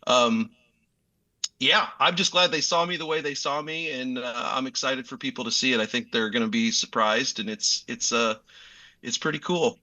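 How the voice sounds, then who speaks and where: A man's voice: medium pitch, moderate pace, sharp tone. A middle-aged man, a guest actor chatting casually in a radio interview, easygoing and joking with lots of fillers and restarts.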